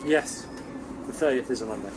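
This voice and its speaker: A man's voice: mid-range voice, fairly quick. A man co-hosting a casual podcast, with dry, teasing banter. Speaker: podcast co-host. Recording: noisy background.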